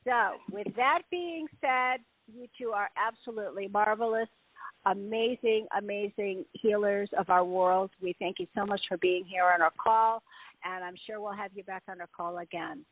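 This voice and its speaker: A woman's voice: mid-range voice, normal speed, no room sound. A woman hosting a casual group call who is effusive and upbeat and tends to repeat herself. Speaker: host. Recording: tinny phone line, dry.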